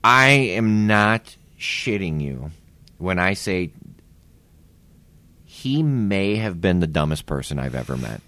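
A man's voice: deep voice, slow, long pauses. A man in his forties telling a workplace story in casual podcast chat, swearing and acting out what people said. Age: 40s. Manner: animated, swearing, acts out quotes. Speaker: podcast co-host.

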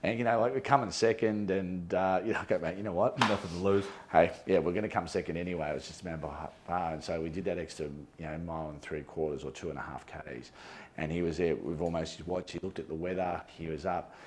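A middle-aged man with a very low voice recounts events as an interview guest. He tells the story in an animated way, often pausing on fillers and restarting his sentences. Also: slight background noise. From Australia.

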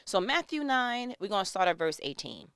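A woman's voice: mid-range voice, very animated, moderate pace, fairly bright tone, clear, resonant tone, no echo, studio quality. A woman in her thirties giving a casual devotional talk, acting out little scenes in other voices.

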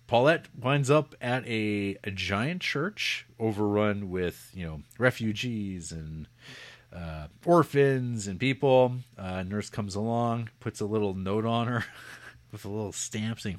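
A man casually retelling a film's plot in a rambling, joking way, slipping into quick voices for the characters. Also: fairly low pitch. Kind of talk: casual film discussion.

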